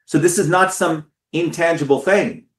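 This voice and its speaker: A man's voice: fairly high pitch, normal speed, echoey room. A man giving an impassioned, profane talk to his followers, stressing and repeating words. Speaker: political speaker.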